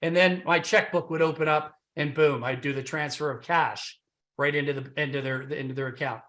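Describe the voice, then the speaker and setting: A man with a high-set voice runs a hyped business pitch over a call. He's brash and boastful, punching up the big claims and then dropping into low, confiding asides. His voice sounds slightly worn from all the loud talking. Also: fairly even intonation, a little fast. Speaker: business opportunity presenter on a conference call.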